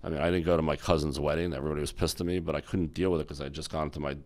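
Racing along in an extremely low, darkish voice with fairly even intonation, a middle-aged American man tells stories in an interview. A former exchange executive, he animatedly acts out the voices of people he quotes.

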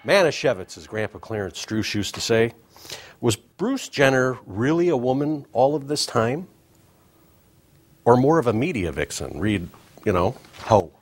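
A man's voice: medium pitch, big pitch swings, unhurried, heavy background noise. A man hosting a comedic talk show, delivering a wisecracking monologue.

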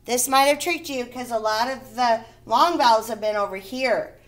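A woman teaching a first grade reading lesson to young children, speaking patiently and clearly and sounding out words syllable by syllable. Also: fairly high pitch, moderate pace, a little hiss or hum. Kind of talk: recorded remote reading lesson.

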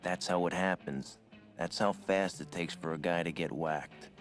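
An actor playing a world-weary gangster who narrates his past in a flat, confiding film voice-over. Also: low voice, normal speed, music in the background, close to an everyday voice.

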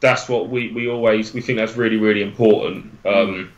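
A man's voice: lowish voice, steady tone, normal speed, highs cut off. A young man with an Oxfordshire accent, chatting as a guest on a live stream, rambling and correcting himself as he goes, with easy laughs. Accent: Oxfordshire English. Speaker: guest, e-liquid maker. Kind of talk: casual live-stream chat.

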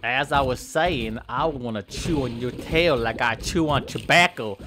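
A man's voice: medium pitch, a little slow, bright, forceful tone, soft background music. A man voicing a dim-witted, rambling redneck crayfish farmer, stumbling and boasting as he plays a game. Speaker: gaming YouTuber. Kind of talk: improvised comic character commentary over gameplay.

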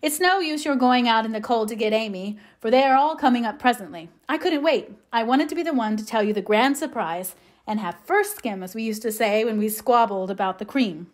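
A woman's voice: a little high, brisk, natural voice. A woman reading aloud, voicing a playful, mischievous young married man in a light teasing tone. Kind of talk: audiobook reading.

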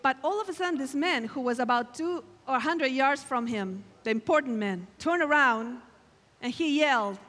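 A woman's voice: high voice, unhurried, fairly bright tone, in a large hall. A woman preaching a sermon at a camp meeting, emphatic and exclamatory, acting out quoted lines with dramatic flair. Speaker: guest preacher. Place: large hall at a camp meeting.

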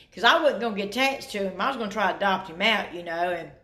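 A woman's voice: medium pitch, animated, fast talker, few pauses, bright, forceful tone. A middle-aged woman with a Southern US accent, chatting casually to her viewers in a thrift-shopping vlog. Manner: chatty, drawling, addresses viewers as y'all. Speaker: vlogger.

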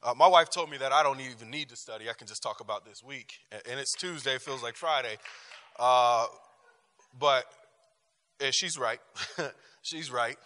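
A man's voice: mid-range voice, normal speed. Laughing man in an echoey church hall. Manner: animated, laughing often, talks to the room. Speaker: church class teacher. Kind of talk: church class talk with personal story. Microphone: handheld microphone.

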